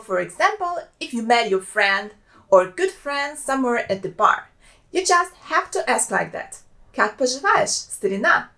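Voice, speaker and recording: A woman with a Russian accent gives a scripted language lesson in a fairly high voice. She speaks carefully and repeats each example phrase slowly and clearly, the way a teacher does for learners. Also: a bit bright.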